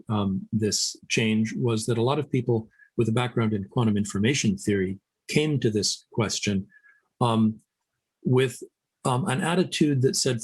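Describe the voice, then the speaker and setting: A middle-aged man giving an academic conference talk, measured and hesitant, with many fillers and restarts. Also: fairly low pitch, a little mellow, husky, no echo, rough recording. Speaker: conference speaker. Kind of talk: academic lecture.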